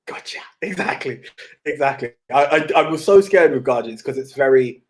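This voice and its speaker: A young man co-hosting a podcast, telling stories in a rambling, animated way with many restarts. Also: mid-range voice, brisk. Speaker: podcast co-host. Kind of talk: casual chat.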